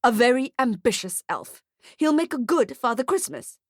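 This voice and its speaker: A woman's voice: a little high, very animated, normal speed, no echo, clean studio sound, voice pushed up. A woman voicing a weary male boss who scolds firmly in an audiobook. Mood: stern. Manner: firm, scolding.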